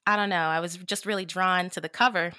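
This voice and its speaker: Bright-voiced chatty woman podcast host. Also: lowish voice, quick pace, smooth, no room sound, clean studio sound. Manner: animated, chatty, swears casually, lots of "like". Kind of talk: casual storytelling in conversation.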